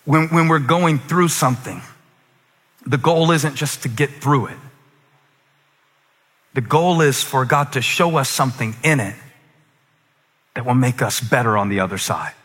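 A man preaching a sermon with great passion, swinging from near-shouts down to hushed, quiet lines. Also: mid-range voice, lively intonation, measured pace, long pauses, slightly rough. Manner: impassioned, rising to near-shouts and dropping to hushed asides. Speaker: pastor. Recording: long hall reverb.

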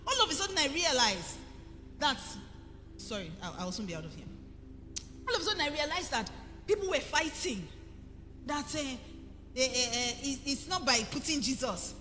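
A middle-aged Nigerian woman pastor preaching a sermon emphatically, building to forceful peaks. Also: high-pitched, sing-song, normal speed, pauses often. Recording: reverberant hall with faint music.

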